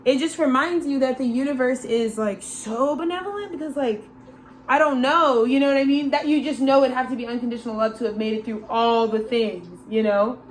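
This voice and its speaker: Woman doing a chill tarot reading, kinda high voice, says bro a lot, laughs, swears. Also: brisk, a little hiss or hum. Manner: slangy and loose, calls listeners bro, swears, laughs often. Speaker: tarot reader. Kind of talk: casual channeled tarot reading.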